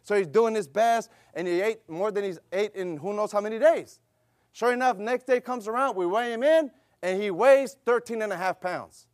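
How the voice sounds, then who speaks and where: A middle-aged male pastor with a strikingly high voice preaches a sermon that includes a personal story. His cadence is fervent and repetitive, full of rhetorical questions, and he talks at a normal speed. The recording is dry and close, with no room sound.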